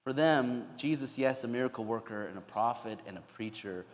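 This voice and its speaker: A male pastor preaching a sermon, telling the story with animated, acted-out scenes. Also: mid-range voice, brisk, slight background noise. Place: church. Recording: echoey church hall.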